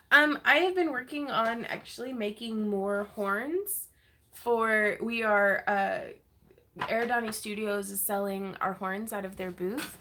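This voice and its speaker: A woman's voice: mid-range voice, slow pace, a bit bright. A woman hosting a casual crafting livestream, chatty and greeting viewers by name, laughing often. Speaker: livestream host.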